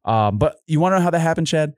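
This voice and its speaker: A man's voice: a little high, lively intonation, fast, dry recording, studio quality. A man hosting a sports betting podcast, telling stories animatedly and swearing freely. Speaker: podcast host. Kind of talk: casual sports betting chat.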